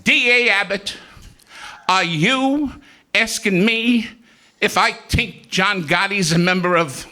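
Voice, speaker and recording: A man doing a stand-up impression of Lou Costello as a flustered witness, asking slow, bewildered questions. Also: high-pitched, pushed and bright, heavily acted.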